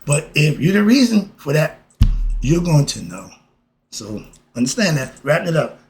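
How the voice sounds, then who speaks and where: This New York vlogger delivers a casual motivational monologue full of life lessons, preachy and blunt, using street slang and chuckling often. His voice runs on the high side with big swings in pitch, at a moderate pace. Faint music plays in the background.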